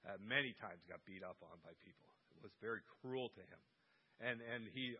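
A man's voice: fairly low pitch, brisk, breathy edge, muffled recording. A man preaching a sermon to a church, telling stories with humor and quoting people in their voices. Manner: humorous storytelling with quoted voices. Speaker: guest preacher.

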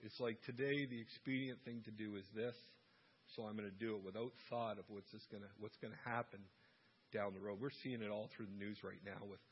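A man's voice: fairly low pitch, fairly even intonation, fairly quick, husky. A middle-aged man talking casually about faith and raising children, telling stories and laughing at himself. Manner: warm storytelling, laughs at himself. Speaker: Christian speaker on family life. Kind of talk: casual talk on faith and parenting. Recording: dull lo-fi sound.

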